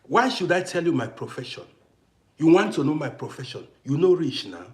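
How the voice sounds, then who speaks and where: Vlogger, male, parent of adult kids: high voice that swings widely, hammers each point home. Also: sing-song, normal speed, darkish tone. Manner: emphatic, repetitive, challenging. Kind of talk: ranting to camera. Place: living in Austria.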